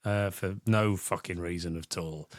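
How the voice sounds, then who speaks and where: A man's voice: sits low, steady tone, a little slow, dry recording, clean studio sound. A man co-hosting a comedy film podcast, laughing often and acting out scenes in silly voices. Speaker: podcast co-host. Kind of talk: casual comedic film chat.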